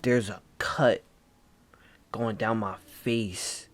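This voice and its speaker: Man, vlogger, spooky storytime, unhurried, deepish voice, laid-back. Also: fairly even intonation. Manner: laid-back, hushed telling, peppered with "bro".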